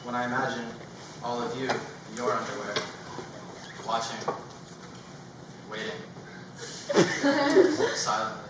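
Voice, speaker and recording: A man performing a stand-up routine on a comedy stage, nervous and halting, filling pauses with ums and uhs. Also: mid-range voice, sing-song. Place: comedy stage before a live audience. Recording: echoey room from far off, loud background noise.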